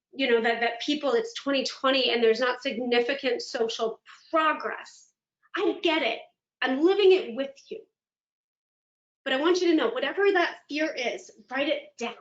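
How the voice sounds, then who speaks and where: A woman motivational speaker giving a virtual keynote, telling stories in an animated, dramatic way. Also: fairly high pitch. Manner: animated, dramatic storytelling with laughs. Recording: echoey room, dull lo-fi sound.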